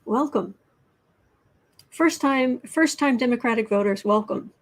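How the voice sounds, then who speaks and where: A woman hosting a casual tarot livestream, speaking slowly with many pauses and restarts. Her voice sits a little high, and her tone is blunt and sarcastic. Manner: halting, full of ums and restarts, blunt and sarcastic. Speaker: tarot and astrology livestream host. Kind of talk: casual political commentary livestream.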